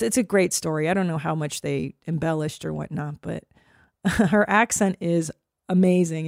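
A woman's voice: fairly low pitch, gravelly, a little mellow, no echo, studio quality. A woman in her forties hosting a podcast, rambling and swearing freely, with sighs and restarts, a little stuffy from cold medicine. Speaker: podcast host. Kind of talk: casual chat.

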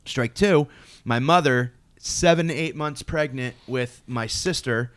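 A middle-aged man telling a long story in casual chat, animated and profane, acting out what people said. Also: mid-range voice, slow pace, smooth, no room sound.

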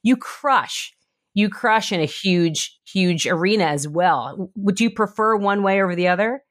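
A woman's voice: medium pitch, a little slow. A woman hosting a podcast interview, asking open questions and praising her guest effusively. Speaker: podcast host.

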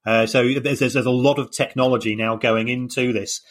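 Male podcast analyst, mid-pitched, hesitant and repetitive delivery, casual explainer. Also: fairly even intonation, brisk. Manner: hesitant, repeats words as he explains. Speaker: podcast co-host, finance analyst.

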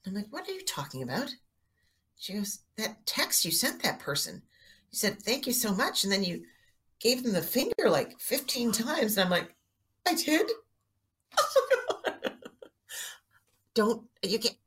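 A woman's voice: mid-range voice, animated, normal speed, fairly bright tone, a little hiss or hum. A middle-aged woman comedian telling self-mocking stories in a casual podcast chat.

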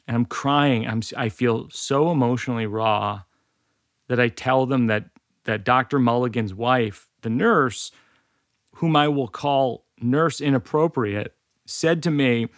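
A man's voice: medium pitch, moderate pace, creaky, no room sound. A man in his forties, a podcast host, reading a personal story aloud in a dry, wry way with self-aware asides. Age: 40s.

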